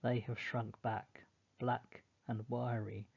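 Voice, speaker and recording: Male audiobook narrator, slow and mournful, with vocal fry. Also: medium pitch, flat delivery, narrow, tinny audio. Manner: slow, measured, mournful reading. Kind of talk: first-person storybook reading.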